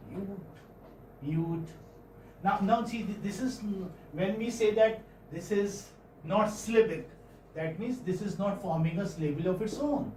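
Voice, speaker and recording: A man with an Indian English accent giving a classroom phonetics lecture, halting and often checking in with students. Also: high voice, a little mellow, a little hiss or hum. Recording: roomy classroom audio from far off.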